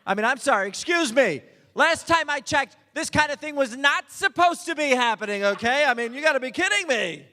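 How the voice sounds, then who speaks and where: A man on a theatre stage rambles in exasperated mock outrage, his voice very high and bright. His pitch leaps all over the place, and the hall's long reverb trails behind every line. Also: expressive, brisk. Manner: exasperated, rambling, repeats stock outrage phrases. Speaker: stand-up comedian. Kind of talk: stand-up parody of a vague edgy comic. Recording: live theatre hall reverb.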